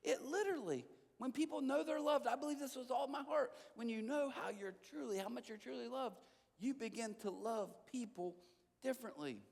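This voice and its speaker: Middle-aged male pastor, high lively voice, storytelling sermon in a big echoing church hall. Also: fairly quick, vocal fry. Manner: animated, dramatic swings from loud to hushed. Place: church auditorium.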